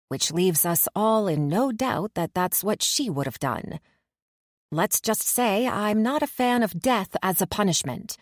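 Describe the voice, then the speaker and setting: A woman narrating a first-person fantasy audiobook in a measured, expressive way. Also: mid-range voice, dry recording, studio quality.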